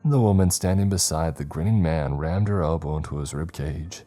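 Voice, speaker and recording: Very deep male narrator, mellow dark tone, measured scripted horror reading, faint music. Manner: measured, dramatic first-person reading.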